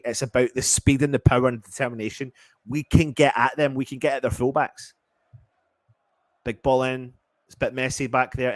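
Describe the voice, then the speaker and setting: A man provides partisan live football commentary as a fan, swearing and swinging from low muttering to loud shouts. There's no room sound.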